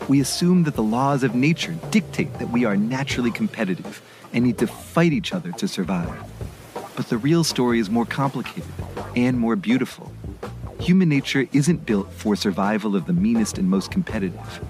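A man co-hosts a podcast in scripted narration, speaking in a measured and earnest way at a middling pitch. Music plays clearly underneath. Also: lively intonation. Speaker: podcast co-host.

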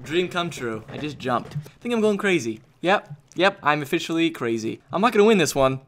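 A man giving excitable live commentary on his own gameplay, talking to his dog and his viewers. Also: on the high side, fairly quick. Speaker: gaming YouTuber.

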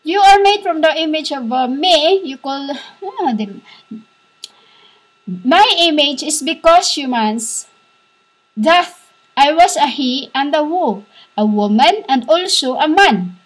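A woman with a high voice talks slowly through a rambling spiritual monologue. She halts often, filling the gaps with hesitations and repeating words, and now and then slips into speaking in tongues. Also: animated, low-quality recording. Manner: halting, many fillers, repeats words. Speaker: self-styled religious speaker.

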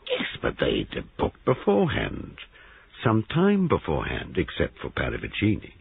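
A man voicing an excitable young newlywed guesthouse owner who speaks hesitantly in a storybook reading. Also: deep voice, moderate pace, gravelly, breathy edge, exaggerated voice. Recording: tinny band-limited recording.

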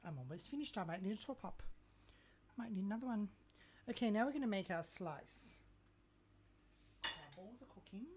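A woman's voice: mid-range voice, noisy background. Cheeky woman hosting a cooking stream. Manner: camp, cheeky, chatty, reads viewer comments aloud. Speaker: cooking livestream host. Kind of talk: casual live cooking chat.

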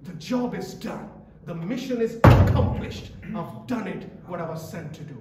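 A man's voice: high voice, expressive, moderate pace, heavy background noise. A man preaching a sermon in a church, emphatic and repetitive, quizzing the congregation as he goes. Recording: echoey church from a distance.

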